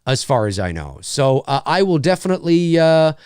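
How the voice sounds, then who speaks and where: A man's voice: a little high, sing-song, moderate pace, darkish tone, clean tone, dry recording. A man hosting a casual livestream from a home studio, rambling and joking as he reads viewer comments on a studio mic. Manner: rambling, joking, lots of fillers. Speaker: livestream host. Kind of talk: casual live chat reading comments.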